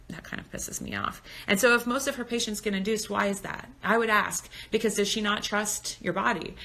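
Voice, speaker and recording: A woman's voice: medium pitch, sharp tone. A woman in her thirties chatting casually and candidly on a phone live stream, answering viewers' comments. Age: 30s. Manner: candid, talkative, reads comments aloud. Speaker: birth educator on Instagram live.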